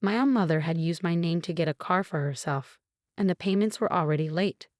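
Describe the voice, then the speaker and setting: A woman narrating a story in a measured, even way. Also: lowish voice, dry recording, studio quality.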